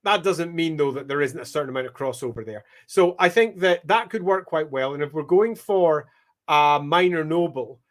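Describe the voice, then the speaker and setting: A Scottish man with a noticeably high-pitched voice chats casually on a livestream. He thinks aloud as he goes, hesitating with frequent ums and pausing to welcome viewers by name. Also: expressive. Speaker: livestream host. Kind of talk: casual livestream chat while mapping.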